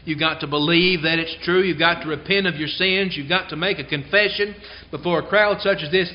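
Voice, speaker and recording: A man preaching a sermon in a church service, earnest and emphatic, slowing down to stress key phrases. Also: fairly high pitch, steady tone. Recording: dull lo-fi sound.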